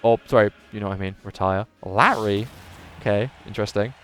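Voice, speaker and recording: Man, live game tournament commentator, energetic hype delivery, slightly strained voice, faint music underneath. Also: on the low side, a little fast. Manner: animated commentator voice, says his voice is going.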